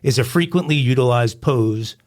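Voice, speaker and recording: A man's voice: medium pitch, moderate pace. A man co-hosting a crime podcast, reading a funny news story in a mock-dramatic storytelling way. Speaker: podcast co-host.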